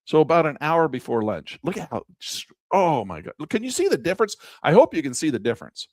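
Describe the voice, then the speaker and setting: A man teaching day trading over a chart in a folksy, excitable way, with a dry close mic. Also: a little high, a little fast, no echo. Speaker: trading instructor. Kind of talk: screen-share trading lesson.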